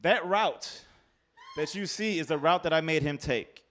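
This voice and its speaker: A man telling a comic true story on stage, animated, profane and laughing at himself. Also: on the high side, measured pace, a little hiss or hum. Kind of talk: live comedic storytelling.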